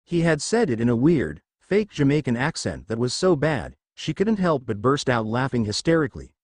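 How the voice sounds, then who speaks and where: Guy reading fanfic out loud, lots of up and down in his voice, dry close sound. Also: medium pitch, sing-song, moderate pace, no room sound. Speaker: narrator. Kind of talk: reading fan fiction aloud.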